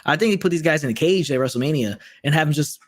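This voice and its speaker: A man talks wrestling in a quick, rambling way, packed with "like" and "um", his voice sitting a little high for a man. The sound is dry and close, with no room around it. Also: dry recording. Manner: rambling, filler-heavy, animated. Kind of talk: casual chat.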